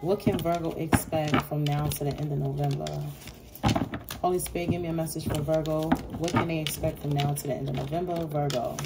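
A woman giving a casual tarot reading, blunt and profane, acting out imagined quarrels in an animated way. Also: low-pitched, fairly quick, vocal fry, very noisy. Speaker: tarot reader.

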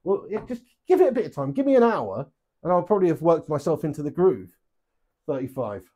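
A man streams himself playing darts at home, his fairly high voice swinging widely in pitch, quick and warm. He chats with viewers, reads their messages aloud, cracks jokes, curses freely and laughs often.

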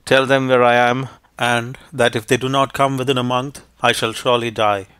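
A man voicing a grieving, faithful young princess in a storybook reading, in a measured, even tone. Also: medium pitch, clear, resonant tone, no echo, lightly acted. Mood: earnest.

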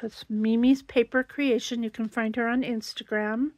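Woman crafting vlogger, kinda high voice, gushy and chatty, dry close sound. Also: steady tone, normal speed, a little mellow, dry recording. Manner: gushing, chatty, exclaims over each item. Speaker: crafting channel host. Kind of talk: casual unboxing vlog.

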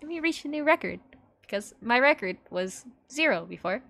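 A high, bright-voiced woman streaming games live, bouncing all over her range as she gushes to her viewers. She swears freely, squeals and breaks into laughter between lines, all in loose, casual chat. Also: moderate pace, gravelly. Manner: excitable, gushing, swears a lot. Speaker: game streamer.

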